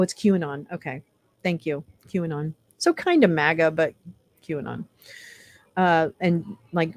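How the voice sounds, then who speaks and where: A woman's voice: lowish voice, darkish tone. A woman vlogger reading a website aloud and mocking it with sarcastic, profane commentary. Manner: mocking, sarcastic, laughs between lines, profane asides.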